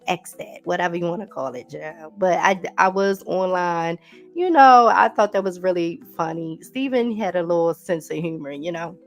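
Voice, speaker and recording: A woman with a fairly low voice hosts a casual podcast recap. She chats freely and keeps turning to her listeners with "y'all" and "honey". Faint music plays beneath her. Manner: chatty, talks straight to listeners with "y'all" and "honey". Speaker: podcast host. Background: faint background music.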